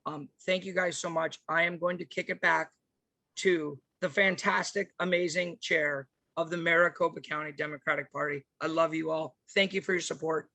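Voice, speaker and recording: High, bright-voiced man on a video call. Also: moderate pace, vocal fry, dry recording, low-quality recording. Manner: excited, jokey, thanking donors by name. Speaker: former county party chair running a fundraiser. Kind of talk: upbeat fundraising appeal on a virtual convention.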